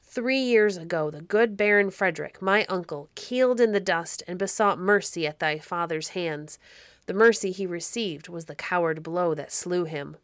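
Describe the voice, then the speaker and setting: A grim baron of the old castle, harsh and deep, speaking with cold resolve, played by a woman reading a storybook. The voice sits a little low and sounds dry and close, with no room around it. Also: normal speed, no room sound, close to an everyday voice. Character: stern harsh middle-aged male baron.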